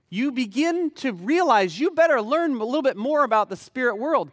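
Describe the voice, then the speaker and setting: A man preaching a sermon as pastor, animated and conversational, with lots of rhetorical questions. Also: very high-pitched, normal speed, few pauses, dry recording, clean studio sound, big-room sound.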